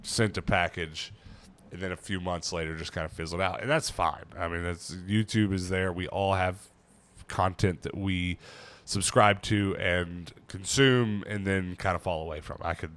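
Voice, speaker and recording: A man's voice: low voice, steady tone, moderate pace, a bit bright. A man in his thirties hosting a casual chat, rambling and self-mocking as he tells stories. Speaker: channel host.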